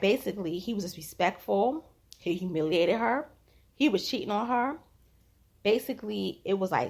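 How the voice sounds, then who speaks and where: A woman's voice: medium pitch, gravelly, husky. A woman casually recapping a reality TV episode, retelling scenes through quoted lines and chatty personal asides.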